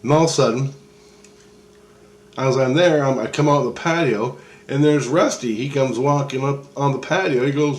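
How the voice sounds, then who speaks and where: A man's voice: medium pitch, normal speed. A middle-aged man, retelling a dream in a loose, profane, rambling way with many restarts. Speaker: vlogger.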